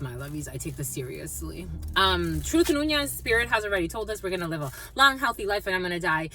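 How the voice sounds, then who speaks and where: A woman giving a casual spiritual tarot reading to her viewers, talking freely, repeating phrases and calling them "my lovies". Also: low-quality recording. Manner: animated, swoops high and drops low, repeats phrases, calls listeners "my lovies". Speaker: tarot reader.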